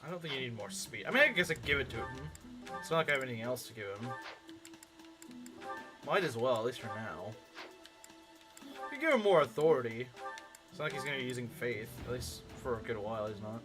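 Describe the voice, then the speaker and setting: A man's voice: mid-range voice, expressive, a little fast, pauses often, music in the background. A man streaming a game, chatting casually and arguing as he answers chat comments.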